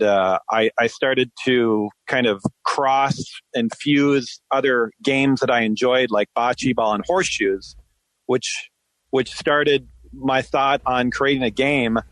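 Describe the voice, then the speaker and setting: A man's voice: medium pitch, fairly bright tone, dry recording, rough recording. A man in his forties, a podcast guest, telling his story in a plain conversational way with frequent fillers. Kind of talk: conversational interview answers.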